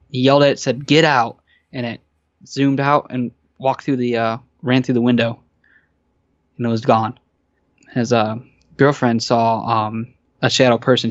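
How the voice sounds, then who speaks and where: A man's voice: medium pitch, no echo. Hesitant man on a dull line. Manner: hesitant, many fillers and restarts. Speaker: guest caller. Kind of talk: casual interview chat.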